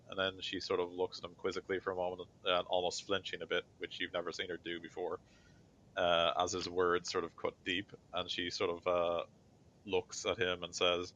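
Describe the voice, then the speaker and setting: A man's voice: sits low, completely flat delivery, fairly quick, a bit bright. A man narrating a tabletop game as game master, in a loose, rambling way full of fillers, on a dull lo-fi recording.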